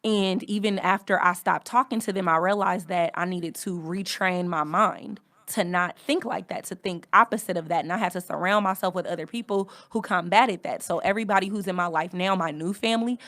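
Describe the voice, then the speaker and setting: A woman's voice: fairly low pitch, brisk, hardly any pauses, fairly bright tone. A woman hosting a podcast, talking candidly and frankly in casual speech. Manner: frank, conversational, reading from notes. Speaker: podcast host. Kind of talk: candid personal monologue.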